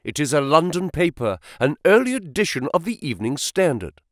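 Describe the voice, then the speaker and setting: Brisk male detective read by a man, animated delivery, dry studio. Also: a little high, dry recording. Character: sharp, brisk male detective, reasoning aloud. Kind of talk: audiobook character reading.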